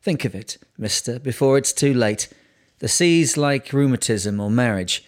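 A man reading the lines of a testy, grumbling old sea captain in his sixties with a gruff, growling voice. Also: medium pitch, measured pace, natural voice. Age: 60s. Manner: bitter, grumbling. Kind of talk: audiobook character voice.

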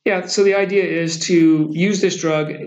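A man's voice: on the high side, steady tone, moderate pace. A man co-hosting a podcast in casual, joking chat, often rambling and stumbling over his words. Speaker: podcast co-host. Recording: echoey room with faint noise.

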